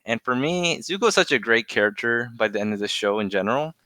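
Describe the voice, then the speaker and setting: A man's voice: mid-range voice, expressive, quick pace, sharp tone, dry recording. A young man co-hosting a podcast, chatting casually and rambling with restarts and fillers. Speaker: podcast co-host. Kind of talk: casual chat.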